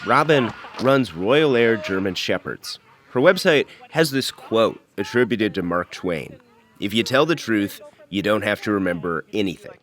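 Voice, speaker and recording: Low-voiced man narrating an investigation. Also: expressive, a bit bright. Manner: measured, earnest storytelling. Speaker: podcast host and reporter.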